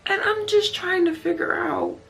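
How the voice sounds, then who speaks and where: With faint music behind her, a vlogger recounts a personal story candidly and emotionally, full of profanity and "like." Her very high-pitched, creaky voice is fairly bright and moves at normal speed.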